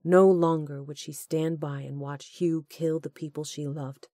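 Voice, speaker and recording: A woman narrating a romance audiobook in steady, measured storytelling. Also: low voice, no echo, clean studio sound. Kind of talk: scripted narration.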